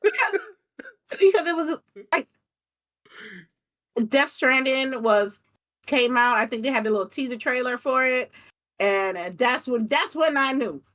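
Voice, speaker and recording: Brief: young woman guest, lively storyteller, casual and candid. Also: high voice, a little slow, long pauses. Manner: animated storytelling, swears casually. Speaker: content creator guest. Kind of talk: casual interview chat.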